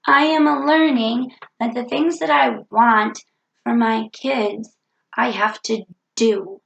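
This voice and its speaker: A woman's voice: a little high, fairly even intonation, takes it slowly, vocal fry, roomy sound, dull audio. A woman with a cold talking earnestly into the camera in a reflective self-help vlog, repeating her key points. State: has a cold. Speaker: vlogger.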